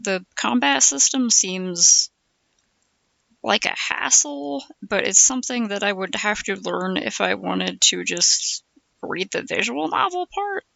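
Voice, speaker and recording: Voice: medium pitch, lively intonation, unhurried, creaky, pushed and bright, no room sound. A streamer chatting casually, rambling through asides and laughing often. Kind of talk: casual chat.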